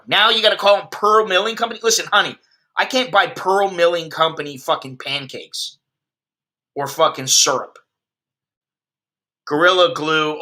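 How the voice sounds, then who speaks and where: An American expat hosts a livestream and rants about the news, blunt, sarcastic and heavily profane. His voice sits fairly high, with a bright, forceful tone.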